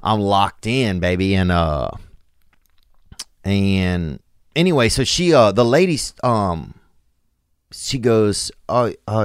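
A low-voiced man rambles through a comic story, stopping and restarting his sentences over and over. The sound is close and completely dry, with no room at all. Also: animated, clean tone, no room sound. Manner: meandering, halting, full of fillers and restarts. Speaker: podcast host.

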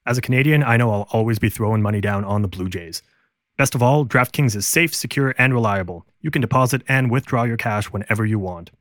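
A man's voice: medium pitch, no room sound. Male ad read, upbeat, polished, dry studio sound. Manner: upbeat, polished sales delivery. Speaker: ad reader. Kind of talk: read sponsor advertisement.

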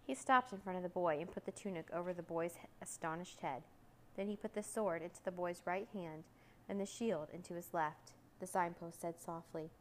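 A woman narrating a children's storybook, lively and expressive. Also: moderate pace, a little hiss or hum, poor audio. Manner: lively, voicing characters with raised pitch for shouts. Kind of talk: storybook reading aloud.

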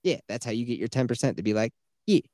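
A man's voice: mid-range voice, very fast, mellow, no room sound. Profane, chatty podcast man with a dry sound. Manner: profane, loose, recounts debate in quoted voices. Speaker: podcast co-host. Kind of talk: casual political chat.

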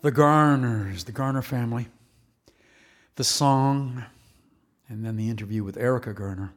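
A man presenting broadcast commentary in a deliberate, measured way. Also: medium pitch.

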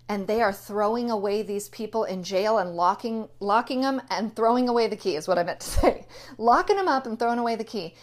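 A woman giving an indignant, emphatic political opinion monologue, repeating her key phrases. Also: a little high. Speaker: political commentator.

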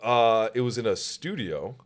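A man's voice: on the low side, animated, a little slow. A man hosting a podcast, telling stories in a casual, profane, self-mocking way. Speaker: podcast host. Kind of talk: casual storytelling chat.

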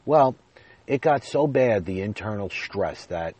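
A man's voice: fairly low pitch, animated, measured pace, darkish tone, breathy edge, dry recording. A man in his forties telling viewers a candid, emotional story in a rambling, self-deprecating way. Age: 40s. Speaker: vlogger.

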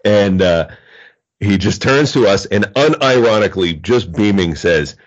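A man's voice: fairly low pitch, expressive, unhurried, muffled recording. A man co-hosting a comedy podcast, telling stories in casual chat and acting out the voices of people he quotes. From Canada. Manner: storytelling, acts out quoted voices. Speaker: podcast co-host.

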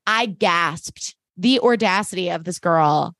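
A young woman co-hosts a casual recap podcast, her voice sitting a bit low for a woman. She retells scenes with lots of "like" and the odd swear word. The sound is dry and close. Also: a little fast, a bit bright, no room sound. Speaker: podcast co-host.

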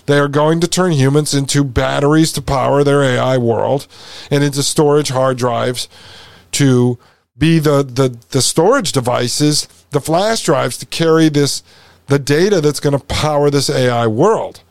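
A man's voice: mid-range voice, measured pace, gravelly, dry recording, studio quality. A man hosting a podcast, commenting over a video he is playing, emphatic and repetitive, with sarcastic asides. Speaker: podcast host.

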